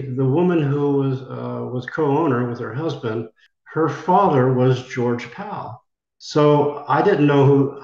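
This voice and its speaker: A man's voice: mid-range voice, darkish tone. Older man telling stories in a roomy space. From United States. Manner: rambling, acts out quoted voices. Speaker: actor, interview guest. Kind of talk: conversational storytelling. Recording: roomy, dull lo-fi sound.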